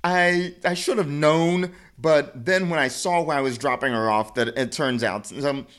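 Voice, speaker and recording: A man's voice: medium pitch, moderate pace, fairly bright tone. A man co-hosting a podcast, rambling through a story with restarts and frequent laughter. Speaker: podcast co-host. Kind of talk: casual chat, storytelling.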